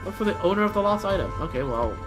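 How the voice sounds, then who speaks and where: A woman's voice: mid-range voice, animated, very fast, over music. A woman chatting casually and joking while playing through a game. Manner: chatty, joking, talks to herself. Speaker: game streamer. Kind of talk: casual gameplay commentary.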